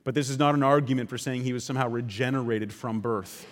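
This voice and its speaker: A man's voice: mid-range voice, quick pace. A man preaching a sermon, emphatic and conversational, checking in with his listeners as he explains. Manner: emphatic, with conversational asides to the congregation. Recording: long reverb of a large hall.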